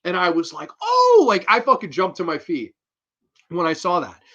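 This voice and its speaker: A man in his twenties reviewing a horror film in a casual, excitable way, swearing freely. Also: fairly high pitch, normal speed.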